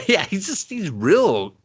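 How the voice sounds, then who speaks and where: A man's voice: high-pitched, wildly swooping pitch, slow pace, husky. Profane, jokey man recapping a movie. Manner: profane, jokey, acts out characters in loud voices. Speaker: podcast co-host.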